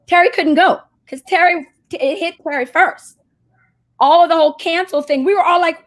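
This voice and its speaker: A woman's voice: very high-pitched, normal speed. A woman, a marketing agency CEO, telling a story as a guest in a casual interview and acting out the voices she quotes. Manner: animated, acts out quoted voices.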